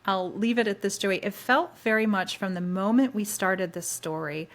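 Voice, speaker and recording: A woman co-hosting a podcast, talking about a novel in a casual, enthusiastic and expressive way. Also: medium pitch, moderate pace. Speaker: podcast co-host. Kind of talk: casual book discussion.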